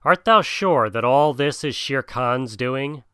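A man voicing an earnest, bold young boy raised by wolves in a storybook reading, speaking higher and eagerly. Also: animated, slow pace, sharp tone, clear, resonant tone, no echo, clean studio sound. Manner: higher and eager, sometimes sullen.

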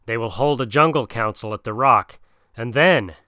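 A man voicing a wise, protective male black panther in a storybook reading, speaking softly and low, growing urgent when he gives advice. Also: moderate pace, no room sound, studio quality, close to an everyday voice. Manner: soft and low, then urgent.

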